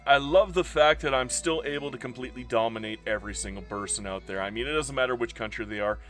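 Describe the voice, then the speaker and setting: A young man commentating his strategy gameplay, swinging from loud outbursts of disbelief to ranting and gloating. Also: mid-range voice, fast, soft background music. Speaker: strategy game video creator.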